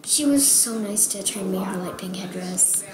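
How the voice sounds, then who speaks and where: A young woman vlogging about a game, excitable and rambling, often dropping to a whisper. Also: mid-range voice, normal speed, over a noisy crowd. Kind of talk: casual gaming vlog. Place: home room. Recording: echoey room with background noise. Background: TV sports broadcast playing.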